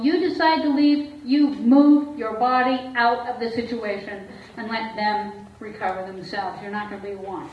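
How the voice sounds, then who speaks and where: A woman therapist speaking candidly to an audience about her own life. She talks openly and laughs often. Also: on the high side. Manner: frank, laughs often, acts out quoted voices. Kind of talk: candid personal talk to an audience. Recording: echoey room, far from the mic, dull and lo-fi.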